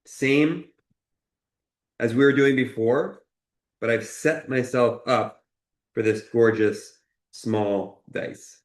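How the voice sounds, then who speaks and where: A man's voice: medium pitch, slow pace, long pauses, echoey room. A man chef teaching a cooking lesson, talking through each cut in an encouraging way and often checking in with "okay?". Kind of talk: cooking demonstration. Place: kitchen.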